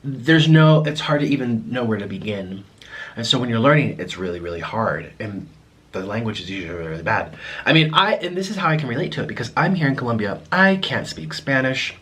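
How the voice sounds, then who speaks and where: A young American man talking casually to his viewers at home in a rambling, halting way, full of restarts. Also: mid-range voice, animated, fairly bright tone, slight background noise. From United States. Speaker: mukbang vlogger. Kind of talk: casual vlog monologue to viewers.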